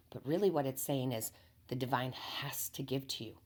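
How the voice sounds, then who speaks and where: A woman with a strikingly deep, low voice gives a spiritual motivational talk to her viewers as a tarot reader. She speaks calmly and earnestly, repeating her key phrases and keeping things unhurried and never hyped up.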